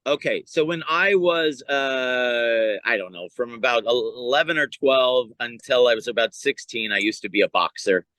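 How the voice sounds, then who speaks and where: A man's voice: medium pitch, normal speed, few pauses, dry recording, rough recording. A middle-aged male comedian from California telling stories in a casual podcast chat. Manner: animated storyteller, lively retelling. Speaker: comedian guest.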